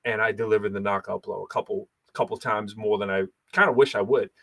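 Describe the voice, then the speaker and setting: A man in his thirties hosting a casual talk show, animated, laughing often and talking with many fillers. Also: fairly low pitch, brisk, gravelly. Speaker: podcast host and battle rapper. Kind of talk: casual chat.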